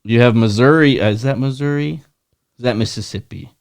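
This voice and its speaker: A man's voice: mid-range voice, brisk, gravelly, smooth, dry recording. Joking male podcast co-host, dry sound. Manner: joking, riffing on crude puns. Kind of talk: casual chat.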